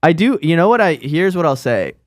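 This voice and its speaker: A man's voice: a little high, sing-song, brisk, no room sound. Rambling self-deprecating man, dry sound. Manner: rambling, self-deprecating, restarts his sentences. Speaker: comedian guest on podcast. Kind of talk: casual comedy podcast chat.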